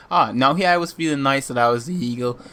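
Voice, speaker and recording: A man's voice: medium pitch, moderate pace, pushed and bright. A young man co-hosting a casual podcast, laid-back and rambling, laughing often. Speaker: podcast co-host.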